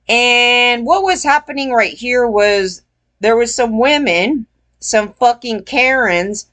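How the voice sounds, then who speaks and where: A woman's voice: mid-range voice, a bit bright. Profane, rambling woman telling a story. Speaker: vlogger. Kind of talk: casual storytelling rant.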